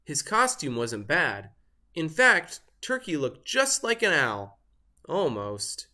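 A reader narrating a children's picture book aloud in an expressive, sing-song way. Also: medium pitch, slow pace. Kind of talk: storybook read-aloud narration.

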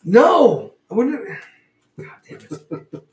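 A man hosting a casual livestream, loud and excitable, laughing often with his co-hosts. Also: extremely high pitch, extremely slow. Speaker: livestream host. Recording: echoey room, mic at a distance.

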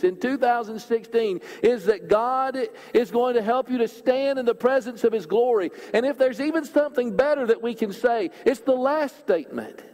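A male preacher giving a sermon in a church, earnest, speeding up and swelling through scripture readings and dropping low and soft on key points. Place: church auditorium. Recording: hall reverb.

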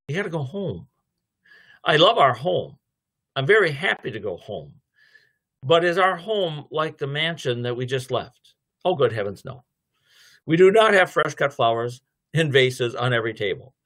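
Storytelling man lecturing on prayer. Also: medium pitch. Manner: lively storytelling, acting out dialogue. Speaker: theology lecturer.

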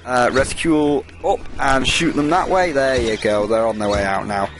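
A man's voice: mid-range voice, normal speed. A man giving casual gameplay commentary as a let's play host, rambling and jokey with frequent swearing.

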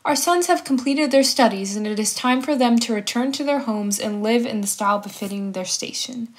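A woman's voice: a little high, brisk, lightly acted. A woman reading the part of a proud, demanding ancient Greek nobleman in formal, commanding tones. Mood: indignant.

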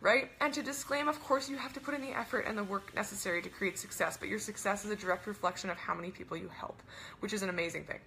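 Young woman, online fitness coach, upbeat chatty webinar pitch, bright forward tone, faint hiss behind. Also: vocal fry. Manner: chatty, upbeat, fast-talking with lots of "right?" and "like".

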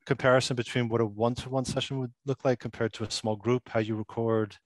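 A man speaking quickly and politely as he asks the presenter a question. His voice comes through dry and close, with no room sound. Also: medium pitch, fairly even intonation, dry recording. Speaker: workshop participant. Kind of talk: asking a question on a video call.

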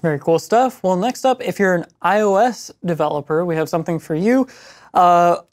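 A man's voice: high voice, normal speed. A man co-hosting a casual web tech news show, enthusiastic and easygoing while presenting links. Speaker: co-host.

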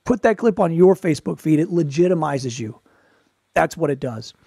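A man with a fairly high voice talks through showbiz advice in a relaxed, wry storytelling way and tosses in quick asides. The recording is dry and close, with no room sound. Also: gravelly, breathy edge, no echo. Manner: quick asides and playful put-on voices for quotes. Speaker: podcast host, performer. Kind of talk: casual advice talk.

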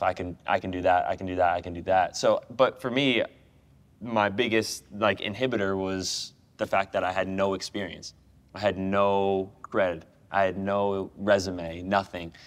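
A young American man speaks in a fairly low voice, spinning an animated story full of "like" and "you know." He laughs often and keeps the tone loose and conversational. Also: normal speed. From United States. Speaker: guest, professional goalkeeper. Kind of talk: casual chat.

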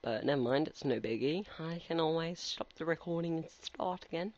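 The voice is on the high side with lively intonation and a moderate pace, belonging to a teenage let's-play commentator. He rambles chattily and responds to game characters, captured in slightly muffled lo-fi sound.

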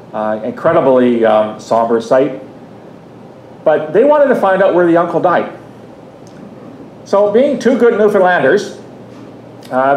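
A Canadian man in his fifties giving a public talk, telling a personal story in a conversational way with frequent restarts and asides. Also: a little mellow. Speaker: guest speaker. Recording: echoey room, faint rumble.

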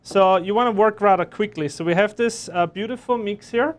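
A man with a fairly high voice talks through a live online cooking lesson from a kitchen. He is chatty and cracks jokes as he explains each step while he works. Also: brisk. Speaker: chef instructor.

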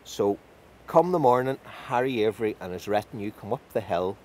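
A man telling a folk tale in a lively, animated way. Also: fairly low pitch, brisk, a little hiss or hum. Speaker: storyteller.

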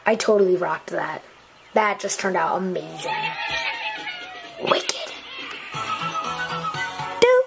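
A young woman casually commentating a video game for her channel, goofy and chatty, often yelling a silly catchphrase. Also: fairly low pitch, normal speed, gravelly, over music, low-quality recording. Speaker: gaming channel host. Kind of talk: casual let's-play commentary.

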